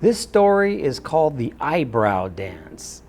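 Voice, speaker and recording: A middle-aged man, a high school teacher, telling a personal anecdote from his classroom in an animated, expressive way. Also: takes it slowly, faint music behind.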